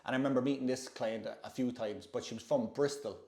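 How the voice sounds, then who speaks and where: A man's voice: mid-range voice, fairly even intonation, fast talker, dark tone, roomy sound. A Northern Irish man hosting, talking casually in a chatty, rambling way and laughing often. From Northern Ireland. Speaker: host. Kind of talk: casual chat.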